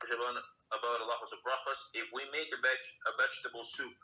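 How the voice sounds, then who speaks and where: A man in the class reading questions aloud from the board, hesitant and unhurried. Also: mid-range voice, flat delivery, bright, forceful tone, low-quality recording.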